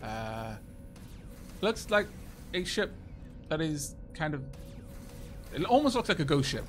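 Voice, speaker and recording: Welsh male game streamer, quick and chatty, fairly high and very lively pitch, self-mocking, soft music underneath. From Wales. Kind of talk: casual live-stream chat over gameplay.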